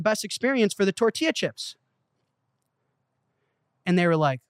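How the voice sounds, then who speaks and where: A young man, a startup founder being interviewed, telling a story in an animated way and swearing freely. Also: sits high, moderate pace, pauses often, smooth. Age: young adult. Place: studio in Malibu.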